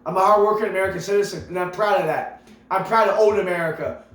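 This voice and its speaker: A vlogger with a fairly high, fairly bright voice talks fast into his camera mic, delivering an impassioned, preachy political rant. He's emphatic, stacks rhetorical questions, repeats himself and stumbles into restarts, all in an echoey room with faint music behind.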